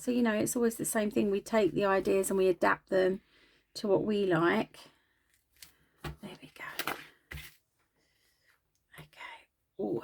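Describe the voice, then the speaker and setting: A woman's voice: a little high, creaky, darkish tone, slight background noise. A woman chatting casually while crafting, self-deprecating and talking as she works. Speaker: craft video host.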